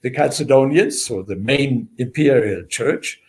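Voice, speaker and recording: Man speaking slowly, with many pauses. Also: mid-range voice. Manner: measured, many filler pauses. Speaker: historian guest. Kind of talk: unscripted interview.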